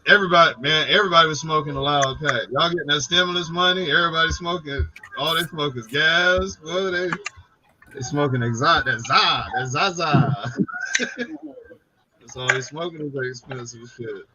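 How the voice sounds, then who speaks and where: A man's voice: a little high, normal speed, highs cut off, background noise. A man hosting a casual late-night chat, talking in loose, profane banter. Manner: profane, laid-back banter.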